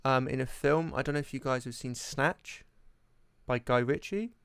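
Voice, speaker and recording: A man in casual podcast chat, hesitant and halting, with many ums as he searches for examples. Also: medium pitch, vocal fry, clear, resonant tone, no room sound.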